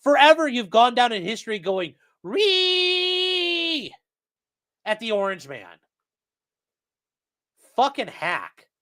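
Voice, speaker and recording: A man hosting a legal commentary livestream, reading court orders aloud and breaking into profane, shouting tirades. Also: high-pitched, big pitch swings, measured pace, pauses often. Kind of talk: livestream rant.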